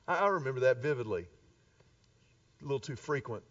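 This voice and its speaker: A man preaching a sermon, an animated storyteller who acts out the voices of the people in his stories. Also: mid-range voice, fairly quick, no room sound. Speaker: pastor. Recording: distant dull live recording.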